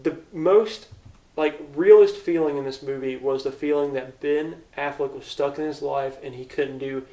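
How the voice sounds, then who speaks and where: A young man co-hosting a casual movie review podcast, retelling scenes in a rambling, animated way. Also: fairly high pitch, normal speed, recorded from a distance. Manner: rambling, animated retelling with put-on quotes and laughs. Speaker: podcast co-host. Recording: echoey room, speaking away from the mic.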